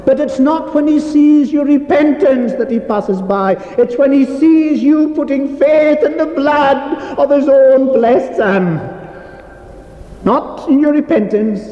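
High-voiced preacher in an echoey hall. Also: male voice, mellow. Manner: earnest, repetitive emphatic preaching with drawn-out phrases. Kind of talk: sermon. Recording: echoey hall, dull lo-fi sound.

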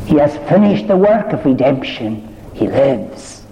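A man's voice: mid-range voice, big pitch swings, unhurried, gravelly, mellow, a little hiss or hum. A man preaching a sermon, retelling the story with rising fervour. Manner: impassioned, rising to fervent climaxes. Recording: dull reverberant church recording.

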